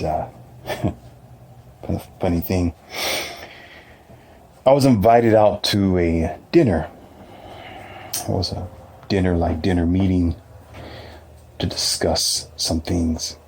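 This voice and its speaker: A man's voice: sits low, slow pace, pauses often, darkish tone, a little hiss or hum. A man giving a casual, preachy motivational monologue, full of rhetorical questions.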